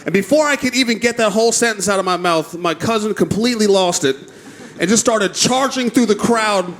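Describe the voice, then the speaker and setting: A man performing a stand-up routine on a club stage, telling an animated, profane story and acting out voices. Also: high-pitched, a little fast. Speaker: stand-up comedian. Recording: live club audience and noise behind.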